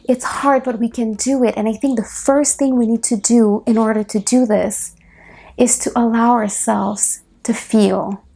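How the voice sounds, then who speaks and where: Woman, solo podcast host, slightly high, gravelly, slow reflective delivery, near tears. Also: steady tone. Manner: soft, reflective, slow and heartfelt. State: close to tears.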